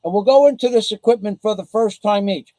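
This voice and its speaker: A man's voice: sits high, a little fast, dark tone, no room sound, poor audio. A man hosting a casual livestream, talking bluntly and boastfully in a rambling way. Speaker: livestream host. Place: the Philippines.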